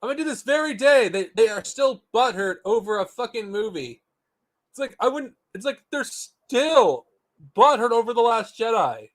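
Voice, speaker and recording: Streamer guy, high lively voice, cursing a lot, kinda slow. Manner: profane, incredulous. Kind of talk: casual live stream chat.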